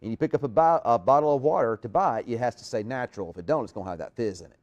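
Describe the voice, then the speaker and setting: A man's voice: mid-range voice, lively intonation, rapid-fire, a little mellow, dull audio. A man hosting a casual live chat show, talking in a rambling way with lots of restarts.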